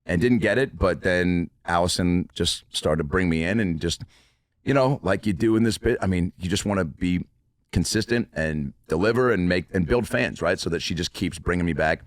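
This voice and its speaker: A man's voice: low-pitched, normal speed, no room sound, clean studio sound. A man in his thirties, a comedian guest on a podcast, telling a rambling, profane story in casual chat. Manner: rambling storyteller, swears, laughs often.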